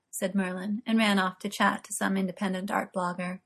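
A woman reading fiction aloud, expressive and unhurried. Her voice sits at a middling pitch. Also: creaky. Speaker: narrator.

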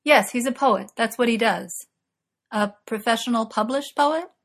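A woman reading aloud, voicing a cheerful, talkative young male artist in quick, eager chatter. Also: on the high side, creaky. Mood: chatty.

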